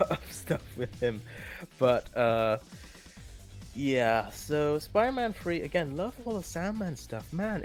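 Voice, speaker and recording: A man's voice: medium pitch, darkish tone. A man chatting casually and rambling as he ranks films, with many restarts and fillers. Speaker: co-host ranking films. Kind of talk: casual opinionated chat.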